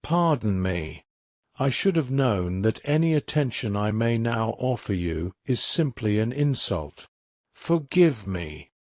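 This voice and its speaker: A man voicing a cunning, suave gentleman-burglar who speaks politely and in a measured way, in a storybook reading. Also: on the low side, big pitch swings, dry recording, studio quality. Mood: apologetic.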